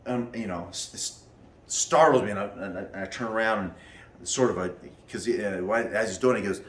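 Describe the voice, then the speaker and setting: A man telling a story to his class as their teacher, animated, acting out what people said with many restarts. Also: on the low side, echoey room, far from the mic, a little hiss or hum. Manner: animated, acts out quotes in raised voices, many restarts. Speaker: martial arts teacher leading a class. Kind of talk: storytelling lesson to students.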